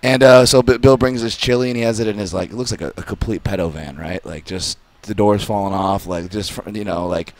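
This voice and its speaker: A man with a low voice talks quickly and tells a story on a studio radio show. He rambles and restarts, and keeps the tale moving. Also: dry recording. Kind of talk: casual studio chat, storytelling.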